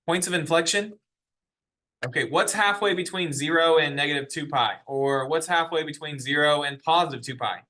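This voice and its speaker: In a classroom lecture, a man teaches a math lesson step by step and asks the class questions. His voice is a little high, bright and forceful, at a normal speed.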